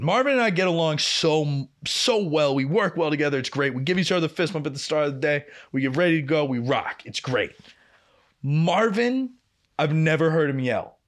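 Animated young man telling a story. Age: young adult. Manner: animated, swearing, acting out quoted lines with big pitch jumps. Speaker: podcast co-host. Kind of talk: casual storytelling chat.

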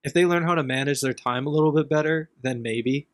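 Relaxed young man, dry sound. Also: fairly high pitch, fairly quick, no room sound. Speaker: podcast co-host. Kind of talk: casual sports chat.

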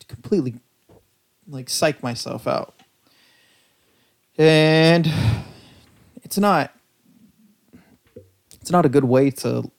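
A man's voice: mid-range voice, gravelly, a little mellow. A young man hosting his own podcast, rambling loosely and mocking himself, sounding tired and lethargic. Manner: rambling, self-mocking, loose storytelling with lots of fillers. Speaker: podcast host. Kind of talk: casual solo podcast rambling.

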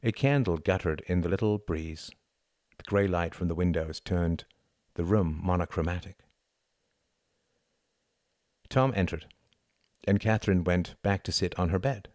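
A man reads a novel aloud in a quiet, measured way. His voice sits low, and the recording is close and dry with no room sound. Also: no echo. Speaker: narrator. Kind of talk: audiobook narration.

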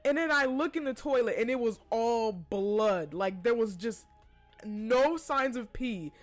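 High-voiced woman telling a story casually. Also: lively intonation, a little slow, soft background music. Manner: casual, profane, laughing between lines. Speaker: podcast host. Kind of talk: personal storytelling.

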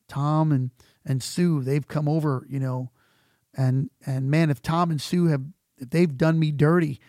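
Pastor, middle-aged man, gravelly and mellow, dry close sound. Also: on the high side, no echo. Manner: earnest, halting with frequent repeated words. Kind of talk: conversational teaching talk.

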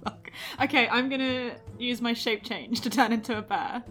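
A woman's voice: a little high, steady tone, normal speed, fairly bright tone, faint music behind. A woman playing in a tabletop role-playing game, chatty and giggly. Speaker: player. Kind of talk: casual tabletop game play.

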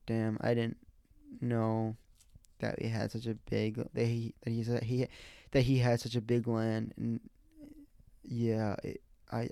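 A man's voice: medium pitch, vocal fry, dark tone, clean tone, no echo, studio quality. A young man from the USA talking in a loose, rambling monologue, full of restarts and "like" fillers, swearing casually. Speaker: podcast host.

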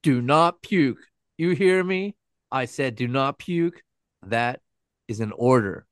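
A man's voice: medium pitch, lively intonation, takes it slowly, fairly bright tone, clear, resonant tone, dry recording, clean studio sound. A man doing a cruel, taunting killer. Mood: commanding. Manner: mocking, cruel, commanding. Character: sadistic taunting male killer, adult.

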